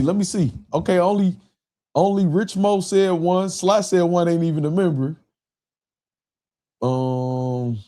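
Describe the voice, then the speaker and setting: A man's voice: a little high, dark tone. A man hosting a casual livestream, talking loosely to his chat, repeating himself and laughing often. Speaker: livestream host.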